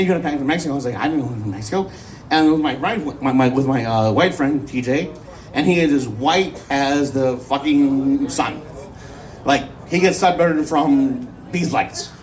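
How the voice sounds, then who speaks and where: A man doing a first stand-up set, rambling and halting with many restarts. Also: on the high side, far from the mic, low-quality recording. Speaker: stand-up comedian.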